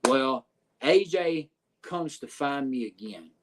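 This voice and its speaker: A man, a podcast guest telling a story in a profane, animated way with lots of filler phrases. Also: medium pitch, takes it slowly, background noise. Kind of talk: casual storytelling.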